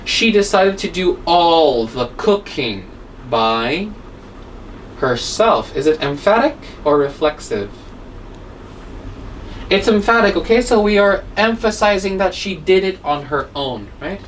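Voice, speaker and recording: A woman teaching English grammar online, unhurried and patient, checking in with her students often. Her voice sits a little back from the microphone. A faint noise runs underneath. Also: lowish voice, lively intonation. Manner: patient, explaining step by step, asks rhetorical questions. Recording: distant mic with faint background noise.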